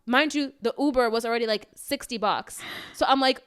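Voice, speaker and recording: Animated, foul-mouthed young woman telling a story. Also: on the high side, fairly quick, clean tone. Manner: swears freely, animated, lots of fillers. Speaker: podcast co-host. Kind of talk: casual storytelling chat.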